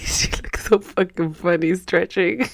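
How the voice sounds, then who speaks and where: A woman's voice: lowish voice, measured pace, creaky. A woman in her thirties ranting to her viewers in a casual vlog, frustrated and profane, slipping in Spanish words. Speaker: vlogger.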